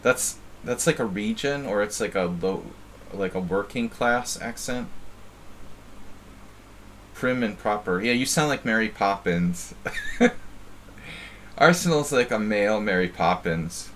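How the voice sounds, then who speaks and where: A man's voice: lowish voice, animated, unhurried, pauses often, a bit bright, slight background noise. A man from New Jersey giving casual live-stream chess commentary, thinking aloud and often repeating words as he muses. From New Jersey, USA.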